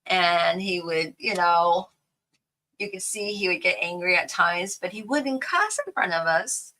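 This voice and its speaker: An older woman talks through a family story while she works on a craft project at home, rambling and laughing now and then. Her voice is bright and a little low, and she takes her time, speaking slowly. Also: lively intonation, poor audio. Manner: rambling, chatty, quick to laugh. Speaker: craft vlogger.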